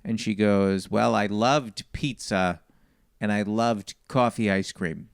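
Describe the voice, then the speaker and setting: Comedian, male, deep smooth voice, lively anecdote teller, dry studio sound. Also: slow pace, no echo. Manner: animated storyteller, quotes people. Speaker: comedian guest. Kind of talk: casual storytelling.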